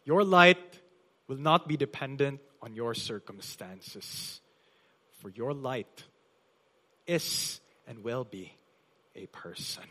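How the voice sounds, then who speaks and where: A man pastor preaching a sermon in a church, with emphatic delivery that swells loud on key phrases and drops soft. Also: medium pitch, slow pace, pauses often. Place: church hall.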